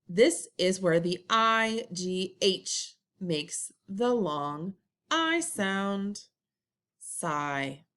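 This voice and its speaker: A woman leads a recorded phonics lesson for first graders. She talks extremely slowly, stretching her words in a sing-song way. Her pitch rises and falls a great deal, like a teacher coaxing young learners. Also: a bit bright. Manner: slow, drawn-out, sing-song teacher talk. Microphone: computer recording.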